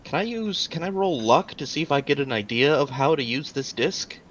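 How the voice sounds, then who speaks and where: A man playing a tabletop game, eager, asking questions in quick restarts. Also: on the high side, expressive, fairly bright tone. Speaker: player. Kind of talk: casual tabletop game play. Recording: dull lo-fi mic.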